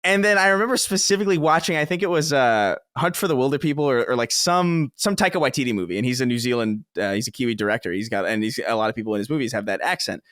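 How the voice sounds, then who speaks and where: A man's voice: medium pitch, fast, few pauses, a bit bright, no room sound, studio quality. A man from the Bronx telling rambling, self-mocking stories as a guest on a casual podcast, cursing freely.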